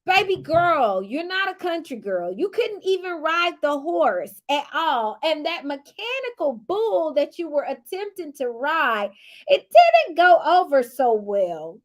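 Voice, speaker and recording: High-voiced woman, sassy recap vlogger, casual and teasing. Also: a little slow. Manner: sassy and animated, teasing asides. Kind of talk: casual chatty commentary.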